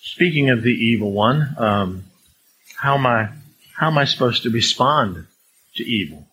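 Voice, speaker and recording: A man's voice: medium pitch, lively intonation, measured pace, fairly bright tone, a little hiss or hum, poor audio. A man preaching a conversational sermon as a pastor, reading verses and acting out everyday speakers. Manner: conversational, acts out swearing speakers in a raised voice.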